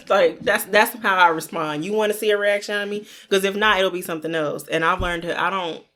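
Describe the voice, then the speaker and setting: A woman's voice: medium pitch, a little fast, fairly bright tone. A young woman co-hosting a podcast in casual chat, laughing often and acting out her relatives' voices. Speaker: podcast co-host.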